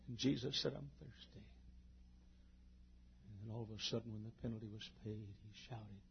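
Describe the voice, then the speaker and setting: A man preaching a sermon who swings from hushed murmurs to shouted climaxes and acts out the quoted voices with little laughs. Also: medium pitch, fairly even intonation, normal speed, creaky, long pauses, muffled recording, some chatter behind.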